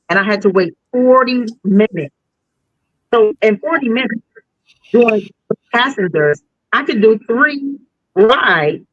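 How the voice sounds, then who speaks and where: A woman's voice: medium pitch, no echo, lo-fi sound. A woman, a delivery driver guest on a podcast, telling a story casually and animatedly with slang. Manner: animated, slangy, acts out voices.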